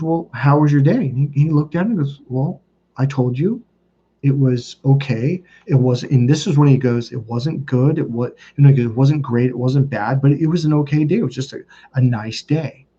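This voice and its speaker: A man's voice: medium pitch, moderate pace, mellow, breathy edge. A middle-aged man, a dating coach, telling a story in casual, rambling talk, swearing freely and acting out the voices of the people in it. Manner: profane, rambling, acts out quoted voices. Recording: dull lo-fi sound.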